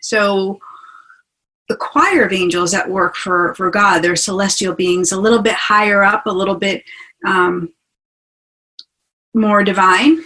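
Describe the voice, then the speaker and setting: A woman's voice: medium pitch, steady tone, a little slow, pauses often, pushed and bright, rough recording. A woman hosting a webinar as a spiritual teacher, talking in a chatty, enthusiastic way over a video call. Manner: chatty and enthusiastic, asks listeners along. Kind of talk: casual teaching talk.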